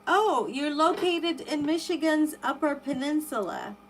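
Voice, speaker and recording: A woman's voice: sits high, measured pace, a little hiss or hum, rough recording. Chatty, exclaiming woman tarot streamer. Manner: exclaiming, animated and chatty, rambling with many restarts. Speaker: live tarot reader. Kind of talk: live stream chat reading viewer comments.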